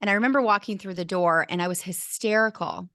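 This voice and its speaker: Talking fast in a medium-pitched, slightly bright voice, this middle-aged teacher and burnout coach recounts a personal story as an interview guest. She is earnest and full of feeling, frequently starting her sentences over, and the recording is dry and studio quality.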